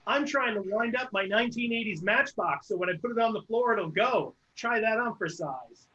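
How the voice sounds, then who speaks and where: A man's voice: high voice, expressive, moderate pace, pushed and bright, slightly rough. A man playing an improv comedy game on a video call, making absurd claims with a straight face. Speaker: improv performer. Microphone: video call mic. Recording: muffled video call audio.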